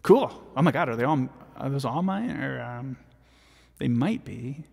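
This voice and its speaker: A man's voice: medium pitch, expressive, a little slow, gravelly, darkish tone, big-room sound. A man, a vocal jazz arranger, chatting casually and self-deprecatingly with viewers while recording his own vocal parts.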